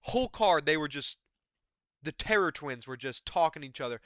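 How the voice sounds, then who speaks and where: A man's voice: fairly high pitch, lively intonation, moderate pace, fairly bright tone, no room sound, studio quality. A man giving a rambling, profane, exasperated casual recap of a fight card. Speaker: MMA commentary YouTuber.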